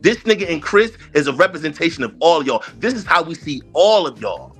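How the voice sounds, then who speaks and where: A middle-aged man on a live call, arguing loudly and repeating his insults over and over. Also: a little high, sing-song, fairly quick, husky, faint music behind. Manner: loud, repetitive insults, hammering the same phrase. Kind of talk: heated trash-talk argument on a live stream.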